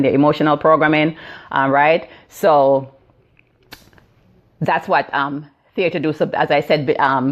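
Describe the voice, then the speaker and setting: Jamaican woman, fifties, low voice, dull phone stream, teaching live with fillers and "right?" check-ins. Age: 50s. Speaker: theta healing practitioner.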